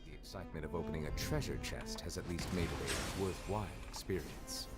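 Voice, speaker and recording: A man's voice: low voice, fast. An actor playing a commanding, stern male video game character who declaims his lines. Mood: musing. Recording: game audio under loud music.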